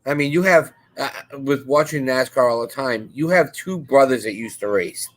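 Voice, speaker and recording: A man's voice: medium pitch, moderate pace. A man from the northern US chatting casually as co-host on a live stream, rambling into stories. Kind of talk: casual chat.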